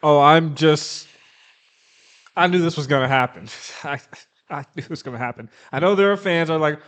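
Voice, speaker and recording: A man's voice: on the high side, moderate pace, a bit bright. A man co-hosting a casual wrestling chat, sounding wry and cynical. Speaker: podcast co-host.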